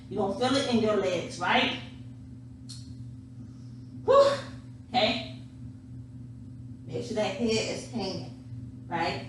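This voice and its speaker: An energetic woman coaches a home stretch workout, chatty and out of breath, voice pitched a little high. The sound is very echoey and taken from well away from the mic, with a faint hum underneath. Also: distant mic. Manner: energetic, chatty, calls viewers honey and darling. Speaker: dance instructor.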